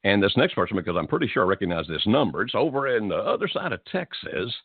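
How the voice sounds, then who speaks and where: Call-in advice host: man, low gravelly-husky voice, lively rise and fall, gentle and reassuring, tinny dry phone-band sound. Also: quick pace, no echo. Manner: gentle, reassuring, calls people "my friend". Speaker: radio call-in host giving marriage advice. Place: Tennessee.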